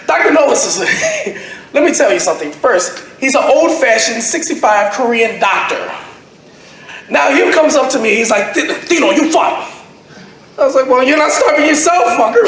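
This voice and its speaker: A man's voice: extremely high pitch, fairly bright tone. A young man doing a crude, rambling stand-up set at an open mic, laughing at his own jokes as he goes. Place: convention panel room with live audience. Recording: very echoey room recording, noisy.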